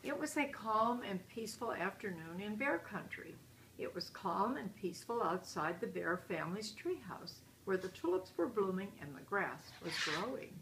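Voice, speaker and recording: A woman's voice: mid-range voice, expressive, moderate pace, background noise. A woman reading a children's picture book aloud in a chatty way, stopping to point out the pictures. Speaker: storyteller.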